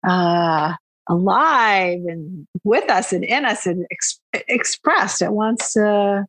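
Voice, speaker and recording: A woman's voice: medium pitch, takes it slowly, a bit bright, dry recording. An older woman in her seventies, an author and guest on a podcast, speaking in a reflective way and laughing easily. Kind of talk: conversational interview.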